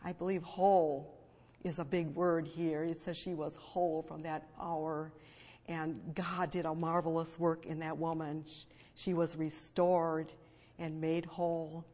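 A woman's voice: sits low, level tone, unhurried. Woman preaching in a reverberant hall. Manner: emphatic, swings between hushed and loud fervent stress. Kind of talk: sermon with scripture reading.

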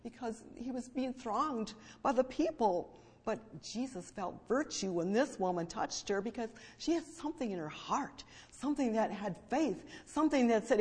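A woman preaching a sermon and reading scripture, emphatic, moving between hushed and loud fervent stress. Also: a little high, animated, moderate pace, slightly rough. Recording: long hall reverb.

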